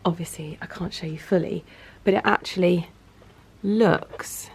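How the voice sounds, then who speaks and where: A woman's voice: fairly low pitch, fairly even intonation, measured pace, noisy background. A woman, chatting casually at home in a gushing, rambling way as a lifestyle vlogger. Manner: gushing, rambling, searches for words. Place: home, indoors.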